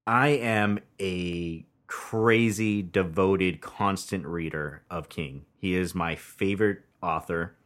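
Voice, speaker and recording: A man co-hosting a casual podcast, chatty and profane, pausing with many ums as he talks. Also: low voice, fairly bright tone. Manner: laughs often, profane, chatty with hesitations. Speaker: podcast co-host. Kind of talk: casual movie review chat.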